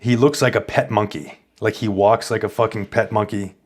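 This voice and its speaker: A man's voice: on the low side, steady tone, normal speed. A man hosting a stream, telling a rambling, boastful story in crude, casual chat. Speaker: streamer host.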